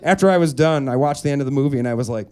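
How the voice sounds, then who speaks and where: A young man doing a stand-up comedy set on a club stage, animated and quick to slip into put-on voices. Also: clean tone. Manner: animated, jumps into high put-on voices for characters. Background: audience laughter.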